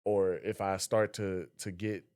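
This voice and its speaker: A young man co-hosting a podcast, telling stories in a casual, animated way and acting out voices. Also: deep voice, a little slow. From Southern West Virginia. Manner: animated storyteller, acts out voices. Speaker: podcast co-host. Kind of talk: casual conversation.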